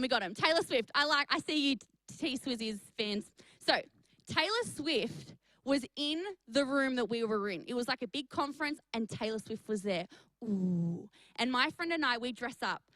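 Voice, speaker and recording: A young woman, a youth pastor, telling a story to young people on a live stream, chatty and energetic, speaking to the chat. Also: fairly high pitch, dry recording, low-quality recording. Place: studio for an online youth stream.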